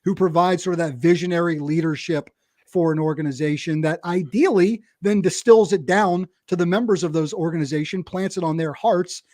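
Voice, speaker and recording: A man hosting a podcast, chatty and quick to laugh, who introduces his guest in long run-on sentences. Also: on the high side, a little mellow, no room sound, clean studio sound. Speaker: podcast host. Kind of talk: casual podcast chat.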